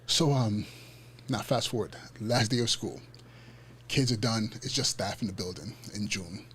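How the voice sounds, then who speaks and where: Animated man telling a story on a podcast. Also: lowish voice, measured pace, slight background noise. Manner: animated, acts out quoted dialogue in street slang; frequent fillers and self-restarts. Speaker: podcast host. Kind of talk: casual personal storytelling.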